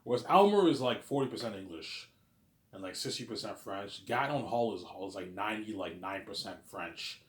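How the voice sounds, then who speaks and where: In an echoey room, a Canadian vlogger talks briskly with lively intonation and a fairly low pitch. His casual monologue rambles and repeats, dotted with offhand swearing and frequent "you know what I'm saying".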